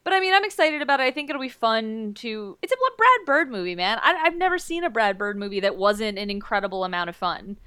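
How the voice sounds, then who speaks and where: Bright, crisp-voiced woman chatting casually. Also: on the high side, expressive, fast, few pauses, no room sound, studio quality. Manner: chatty, rambling, self-deprecating. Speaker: podcast co-host. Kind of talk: casual chat about upcoming movies.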